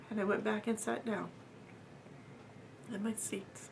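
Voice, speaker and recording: A woman earnestly shares a personal story in a casual, halting manner, full of fillers and repeats, sometimes dropping almost to a whisper. Her medium-pitched voice is gravelly and flat in delivery, with a little hiss or hum in the background.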